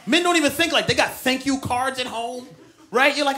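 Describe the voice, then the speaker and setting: A man's voice: very high voice, expressive, moderate pace. A man performing a stand-up comedy routine, telling a profane story and acting out the voices of the people in it. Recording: live club recording with audience noise. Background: audience laughter.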